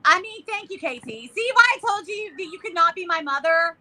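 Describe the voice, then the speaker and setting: A woman, an actor auditioning, co-hosts a casual live chat, talking animatedly, teasing her co-host and performing voices for others. Her pitch is extremely high and she speaks a little fast.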